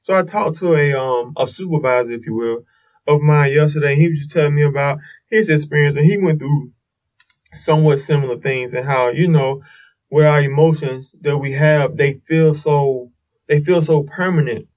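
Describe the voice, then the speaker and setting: A man's voice: on the high side, normal speed, far from the mic, muffled recording. A man hosting a casual solo podcast, telling a long story in a rambling way with restarts and swearing. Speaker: podcast host.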